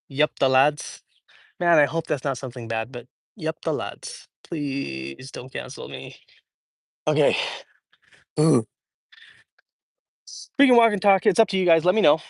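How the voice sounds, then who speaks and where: Young male streamer, slightly higher voice, chatty and filler-heavy, overheated on an outdoor walk, dry phone-mic sound. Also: no room sound. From Idaho. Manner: chatty, rambling, many fillers and restarts. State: hot and sweaty from walking. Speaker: livestream host answering chat. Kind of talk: casual walk-and-talk livestream. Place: outdoors in a large public park.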